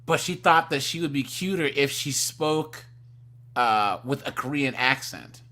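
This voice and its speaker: A man's voice: medium pitch, expressive, unhurried, sharp tone. A man hosting a casual live stream, giving blunt opinions with lots of stumbling restarts.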